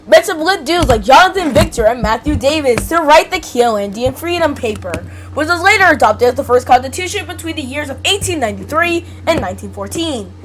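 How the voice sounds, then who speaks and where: High-voiced giggly young woman reading aloud. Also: rough recording. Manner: giggly, playful, stumbles over words. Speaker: video host reading a wiki article. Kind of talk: casual reading and reacting.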